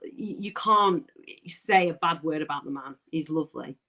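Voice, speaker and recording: A woman sports broadcaster as a podcast guest, telling stories in a bubbly, animated way and laughing often. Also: sits low, moderate pace, low-quality recording. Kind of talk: casual interview chat.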